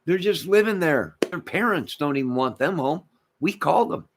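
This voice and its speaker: A man hosting his own channel, delivering a rambling rant to camera, emphatic and repetitive, swinging between loud declarations and muttered asides. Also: on the high side, animated, moderate pace, noisy background. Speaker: channel host.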